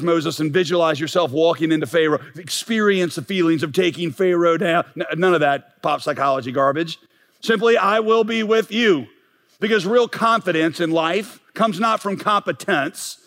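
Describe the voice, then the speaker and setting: A man with a fairly high voice preaches from the pulpit, pressing his points home and swelling to strong peaks. His words ring out with a long tail of reverb from a large sanctuary. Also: moderate pace, a bit bright. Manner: emphatic preaching, rising to bursts of force. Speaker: pastor. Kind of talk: sermon.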